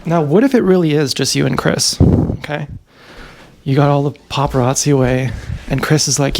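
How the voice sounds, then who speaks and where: Male vlogger, meandering musing monologue; gravelly, slightly raised pitch, faint hiss. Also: moderate pace, darkish tone. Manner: musing, meandering, talks to his dogs. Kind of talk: rambling casual monologue. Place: home with dogs.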